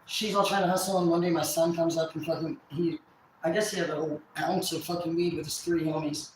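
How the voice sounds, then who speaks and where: A woman in her forties venting on a livestream in rambling, profane, halting speech. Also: deep voice, fairly even intonation, a little mellow, very echoey, slight background noise, rough recording.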